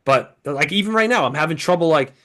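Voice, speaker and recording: A man's voice: fairly high pitch, fast talker. A man co-hosting a podcast, chatting casually and a bit short of breath, swearing often and acting out what he said. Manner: profane, storytelling, animated quoting. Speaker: podcast co-host. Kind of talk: casual chat.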